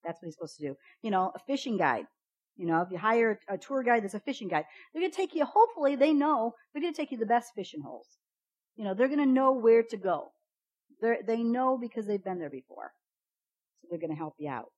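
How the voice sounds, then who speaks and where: A woman giving a casual, chatty devotional Bible teaching, often repeating "you know, the thing is" and jumping up in pitch when acting out quotes. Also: expressive, fast, darkish tone, lo-fi sound.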